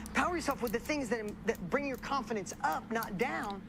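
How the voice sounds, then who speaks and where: A woman delivers a preachy motivational speech from a stage, repeating key phrases and throwing questions at the crowd. Her voice sits a little high. Clear ambient noise fills the background of the played-back recording. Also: animated, fairly quick. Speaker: motivational speaker.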